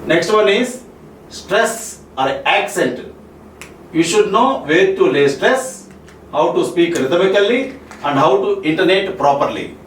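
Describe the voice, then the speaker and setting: A man's voice: high voice, animated, fairly bright tone, slight background noise. Man, indian english accent, lecturer, repeats every point, roomy echo, far mic. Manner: slow, repeats each point, asks "Clear?" and "Okay?". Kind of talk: classroom lecture.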